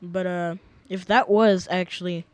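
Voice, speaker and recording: A man's voice: sits high, fairly even intonation, measured pace, smooth, no echo. A young man casually rambling through gameplay commentary at home, often sidetracked and full of fillers. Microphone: desk mic.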